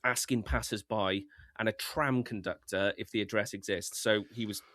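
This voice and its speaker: A man, co-hosting a podcast, telling a story in a relaxed, rambling way. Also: on the low side, normal speed, no echo, clean studio sound. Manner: breezy, rambling, swears casually. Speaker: podcast co-host. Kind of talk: casual chat telling stories.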